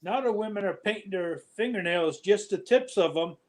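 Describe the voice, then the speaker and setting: A man's voice: high-pitched, moderate pace, crowd noise. A man in a casual chat, offhand and chuckling as he talks. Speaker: guest.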